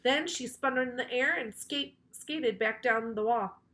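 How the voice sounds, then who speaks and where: A woman librarian reads a children's chapter book aloud. She is animated and playful, and teases her young listeners. Her voice is bright and a little high. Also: a little slow. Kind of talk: children's storybook read-aloud.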